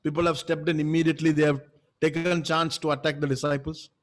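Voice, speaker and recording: Preaching a sermon, this pastor has a high voice but a flat delivery, and he talks fast. He speaks emphatically, restates his points, and keeps stopping to engage the congregation with rhetorical questions.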